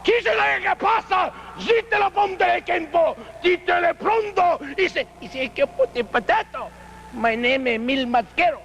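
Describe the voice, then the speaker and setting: A man's voice: very high-pitched, expressive, moderate pace, creaky, a bit bright, a little hiss or hum, heavily acted. A man mimicking a boastful masked wrestler in broken English. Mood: mocking. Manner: broken English mixed with mock Spanish. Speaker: wrestling manager. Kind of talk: wrestling promo.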